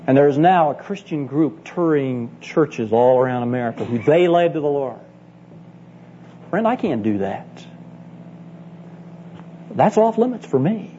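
Earnest mellow-voiced man preaching. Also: on the high side, lively intonation, unhurried, long pauses. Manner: earnest, emphatic, addresses listeners as "friend". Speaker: Bible college teacher speaking to church leaders. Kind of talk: conference sermon with personal stories. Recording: dull lo-fi tape with faint hum.

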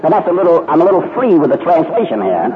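Preacher on a tinny radio broadcast. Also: male voice, fairly high pitch, big pitch swings, quick pace. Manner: dramatic, acts out the characters' speech. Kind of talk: sermon storytelling. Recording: tinny phone-like radio broadcast with crowd noise.

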